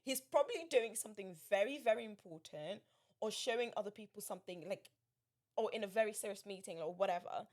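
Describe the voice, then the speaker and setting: A woman co-hosting a podcast in casual chat, telling a story with lively acted-out quotes. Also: mid-range voice, fairly quick. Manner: animated storytelling, acts out quotes. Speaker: podcast co-host.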